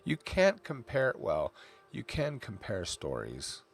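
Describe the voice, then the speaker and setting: A man's voice: mid-range voice, huge pitch swings, slow pace, vocal fry, slightly rough. A middle-aged man from California, chatting casually while he draws, rambling off into tangents and stories. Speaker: artist streaming while drawing. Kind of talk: casual chat while drawing.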